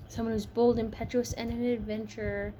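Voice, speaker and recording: A woman's voice: on the high side, little pitch movement, fairly quick, dark tone, a little hiss or hum. A woman giving a casual tarot reading, chatty and frank, tired from a long shift. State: tired, yawning. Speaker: tarot reader.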